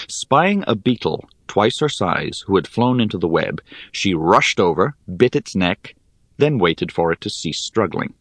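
A man reading a fantasy novel aloud in the first person, measured and expressive. His pitch moves freely through each sentence, and the sound is dry and close with no room around it. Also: no room sound. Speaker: audiobook narrator. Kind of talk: first-person audiobook narration.

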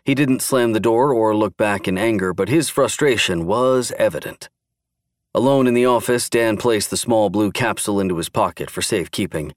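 Guy reading a thriller audiobook, steady and even, deepish, super dry mic. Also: moderate pace, no room sound. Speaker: audiobook narrator. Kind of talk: scripted narration.

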